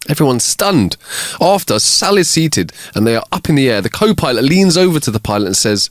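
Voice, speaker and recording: A man co-hosting a comedy podcast, reading listener jokes aloud with animated delivery and put-on voices for the characters. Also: mid-range voice, fairly quick, dry recording, clean studio sound. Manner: animated joke telling with big laughs and put-on voices. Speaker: podcast co-host.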